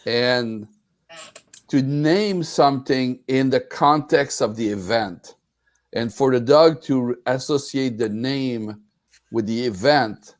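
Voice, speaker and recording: A man's voice: mid-range voice, slow. A man co-hosting over a video call, speaking with emphatic enthusiasm.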